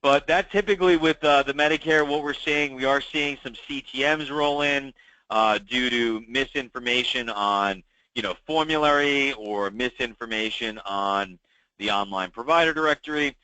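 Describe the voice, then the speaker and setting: Bright-voiced man hosting an agent call. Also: medium pitch, moderate pace, clear, resonant tone, no room sound, low-quality recording. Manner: conversational, many fillers, repeats key advice. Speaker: meeting host for insurance agents. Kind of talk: weekly call briefing.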